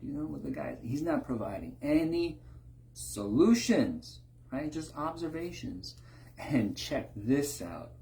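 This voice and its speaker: A man's voice: fairly high pitch, very animated, measured pace, creaky, warm tone. A man giving an informal sermon, often tagging his points with a rhetorical question. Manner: rhetorical, keeps asking "right?". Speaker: preacher.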